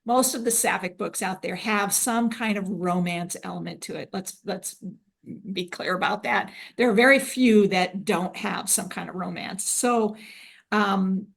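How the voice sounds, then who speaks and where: A woman's voice: medium pitch, unhurried, gravelly, slightly rough. A woman podcast host interviewing a guest in a conversational, affirming way.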